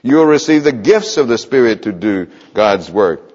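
A man's voice: on the low side, very animated, moderate pace, a little mellow, husky. A man preaching an earnest sermon in a church, asking the room rhetorical questions. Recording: muffled echoing church hall.

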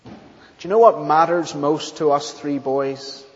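A man preaching a sermon and leading a closing prayer in a church, with an earnest, measured delivery and deliberate pauses. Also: a little high. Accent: not English. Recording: dull lo-fi church recording with long reverb.

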